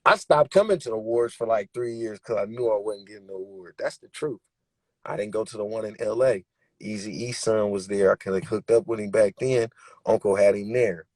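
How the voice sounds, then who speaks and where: Young male rapper, husky voice, dry close sound, emphatic streetwise storyteller. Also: lowish voice, brisk, darkish tone, dry recording. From Bay Area, California. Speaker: rapper and interview guest. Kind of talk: candid interview talk.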